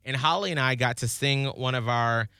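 A man in his thirties chatting on a radio hosts' podcast, swapping old stories with a co-host. His voice is bright and forward, with a smooth, clean tone. The studio sound is dry and close. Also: medium pitch, dry recording. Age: 30s. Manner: chatty, reminiscing, quick to laugh. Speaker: radio morning show co-host. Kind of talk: casual podcast chat.

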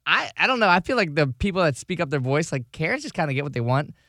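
A man's voice: fairly high pitch, big pitch swings, quick pace, pushed and bright, no echo, clean studio sound. An easygoing man in a casual podcast chat who agrees readily and adds his own views.

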